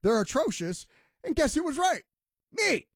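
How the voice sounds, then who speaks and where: A man's voice: very high-pitched, sing-song, moderate pace, a bit bright, no room sound, studio quality. A man hosting a sports talk radio show, ranting emphatically and mocking others in voiced quotes.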